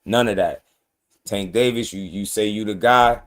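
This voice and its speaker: A man's voice: lowish voice, normal speed, a bit bright. Emphatic man ranting about boxing. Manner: emphatic, repetitive, addresses fighters directly. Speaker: boxing commentary host. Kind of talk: casual opinion commentary.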